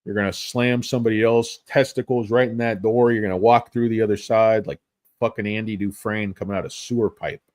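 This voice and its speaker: A man's voice: fairly low pitch, steady tone, a little fast, a little mellow, dry recording, clean studio sound. A middle-aged man talking stocks on a casual livestream, rambling, swearing often and mocking himself. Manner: rambling, profane, self-mocking. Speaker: stock market streamer.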